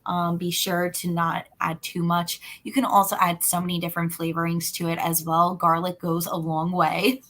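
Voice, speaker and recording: A woman nutritionist speaks on a video call in a fairly low voice, friendly and explanatory. She fills her sentences with little ums and likes. It is a casual group chat. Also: little pitch movement, moderate pace, few pauses, a bit bright. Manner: friendly, explanatory, many fillers. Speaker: nutritionist presenter.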